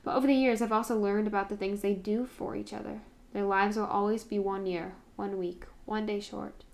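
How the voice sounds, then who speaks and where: A woman voicing a weary ancient god-king, quiet and gravelly. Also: medium pitch, fairly even intonation, natural voice. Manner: quiet, measured.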